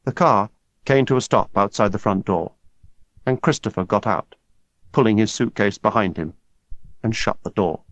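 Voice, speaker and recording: A man narrating an audiobook in a measured, steady storytelling manner. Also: on the low side, no echo. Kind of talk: scripted narration. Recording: dull lo-fi dry recording.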